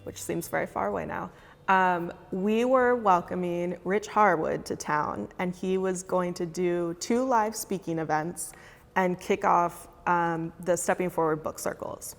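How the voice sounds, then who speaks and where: A woman's voice: lowish voice, unhurried, long reverb tail, soft background music. A woman, a foundation fellow, chatting casually in a roundtable and acting out her past self as she tells stories. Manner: animated storyteller, acts out her past self.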